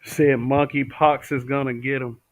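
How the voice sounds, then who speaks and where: A man's voice: mid-range voice, flat delivery, moderate pace, no room sound. A man from the American South hosting a casual live stream, speaking bluntly and answering viewers' comments. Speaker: livestream host. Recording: tinny, dry home-stream audio.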